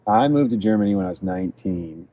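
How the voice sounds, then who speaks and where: A Californian man, a guest in a casual interview, answers questions with reflective, enthusiastic travel stories. His voice is deep and he talks fast with lively intonation. The recording sounds muffled.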